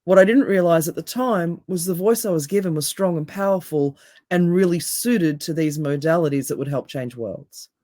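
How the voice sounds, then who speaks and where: A woman with a deep voice, a hypnotherapist and coach speaking as a podcast guest with calm, emphatic, repeated phrases. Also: moderate pace, no room sound, clean studio sound.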